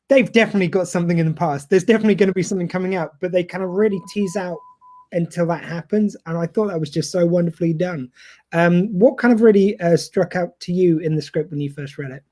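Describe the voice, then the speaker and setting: A woman hosting a casual interview, chatty and asking quick follow-up questions. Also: lowish voice, dark tone. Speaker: interview host.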